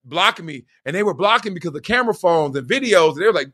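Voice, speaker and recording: A lively, bright-toned male host, telling a comedic story with a high, swooping voice. He laughs often and slips into quoted voices as he goes. He sounds middle-aged. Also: quick pace. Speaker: podcast host.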